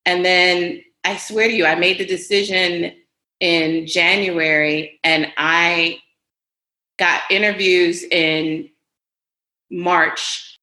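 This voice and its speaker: A woman in her forties, a podcast guest, telling her story in an animated, casual way and acting out the voices of other people. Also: on the low side. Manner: animated, acts out quoted voices. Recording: roomy echo.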